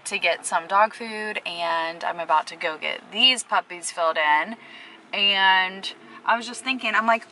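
Chatty young woman vlogging, bright tone. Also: medium pitch, moderate pace, slight background noise, low-quality recording. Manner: chatty, rambling, lots of "like" fillers. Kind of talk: casual vlog to camera.

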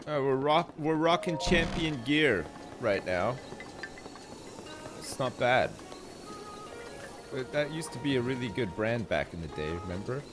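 A man streaming a game live, joking, swearing and reading game text aloud in casual commentary. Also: medium pitch.

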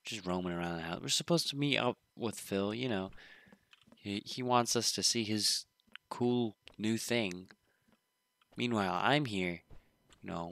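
A man's voice: fairly low pitch, measured pace, pauses often, a bit bright, no echo. A young man giving casual let's-play commentary, rambling with joking asides. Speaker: gaming video host.

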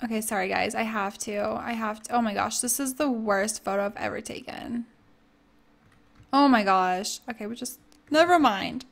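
A woman's voice: a little high, normal speed, gravelly. Bubbly young woman gushing over her game. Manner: bubbly, gushing, talks to her characters and viewers. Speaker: gaming YouTuber. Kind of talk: casual let's-play commentary.

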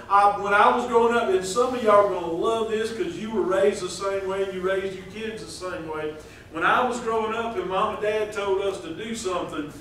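A high-voiced man with a drawl preaches a folksy, joking sermon. His voice rings around a big, echoey church hall, picked up from well back off the mic with a faint hiss underneath. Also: a bit bright, distant mic. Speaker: pastor. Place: church sanctuary.

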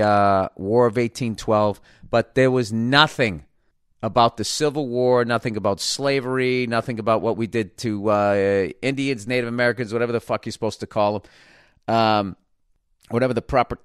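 A man's voice: medium pitch, steady tone, normal speed, clear, resonant tone, no room sound, studio quality. A man hosting a podcast, rambling through a casual comedic monologue with lots of swearing and sudden mocking voices. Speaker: podcast host.

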